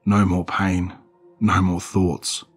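A man's voice: low voice, level tone, slow, husky, faint music behind, exaggerated voice. A man voicing a middle-aged mother who cries and wails, slipping into madness. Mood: eerie calm. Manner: crying, wailing, pleading. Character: frantic mother, middle-aged woman, unhinged.

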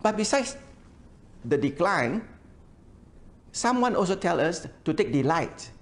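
A man's voice: sits high, sing-song, unhurried. An older man preaching a sermon. He often hesitates with "uh" and repeats words while explaining scripture line by line. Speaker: pastor. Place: church.

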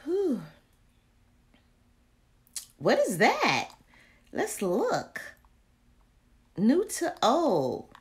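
A woman's voice: high voice, huge pitch swings, very slow, long pauses. A woman vlogging casually to her viewers, chatty and exasperated, full of slang and muttered asides. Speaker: candle vlogger. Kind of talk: casual live chat to viewers.

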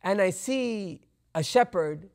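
A man's voice: sits high, lively intonation, slow, a little mellow, pitched below the performer's own voice. A man playing a humble male village school teacher who explains himself in a reflective, patient way while telling a story in a sermon. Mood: wondering.

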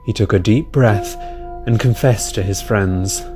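A man narrating a storybook tale in a steady reading voice. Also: lowish voice, a little slow. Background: music.

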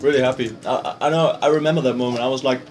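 A young German man with a German accent, co-hosting a casual chat and recounting a story with an excited, laughing manner. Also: medium pitch, rapid-fire, a little hiss or hum. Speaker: co-host.

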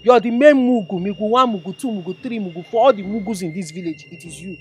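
A Nigerian fiancée with a sharp tongue, played by an actress, mocking and scolding in a movie drama. Her accent is plainly Nigerian, and a faint music score plays under her lines. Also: mid-range voice, quick pace, close to an everyday voice. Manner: mocking, scolding, switches into pidgin taunts. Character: sharp-tongued fiancée confronting a cheating man.

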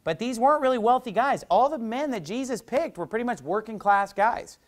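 A man's voice: very high-pitched, expressive, a little fast. A middle-aged male pastor preaching a sermon, telling stories in a loose, conversational way with lots of "you know".

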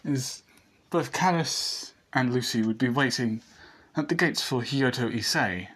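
A man with a husky voice reads a fan story aloud in a casual, rambling way. He restarts sentences and adds asides as he goes, at a medium pitch. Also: unhurried, fairly bright tone.

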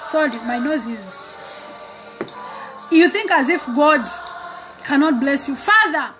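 A woman's voice: high voice, animated, slow, music in the background. A woman preacher giving an exhorting sermon, acting out prayers and conversations with God. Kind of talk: casual sermon video.

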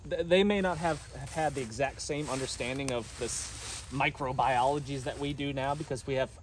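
A man's voice: mid-range voice, a little hiss or hum. A man hosting an outdoor conversation, often agreeing and restarting his sentences. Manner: quick agreeing backchannels, stammering restarts. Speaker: host, interviewer. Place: outdoors among bushes. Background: crickets and insects.

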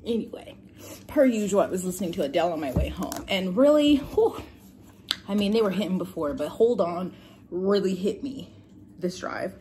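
A woman's voice: medium pitch, darkish tone, a little hiss or hum. A young woman vlogging in a casual, frank way, swearing freely and talking about being tired and crampy. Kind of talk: casual vlog chat. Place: in a car, then at home.

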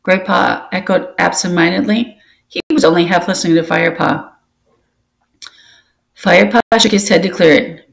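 A woman reading a children's novel aloud to her students, slow and careful, with small restarts. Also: lowish voice, fairly even intonation, creaky. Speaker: teacher reading to a book club.

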